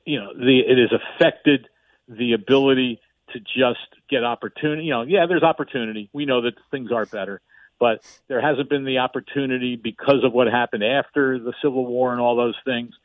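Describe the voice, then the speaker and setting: Halting man on a tinny phone line. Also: medium pitch, steady tone, no echo. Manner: halting, many restarts and fillers. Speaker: radio show co-host. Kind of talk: casual sports radio talk.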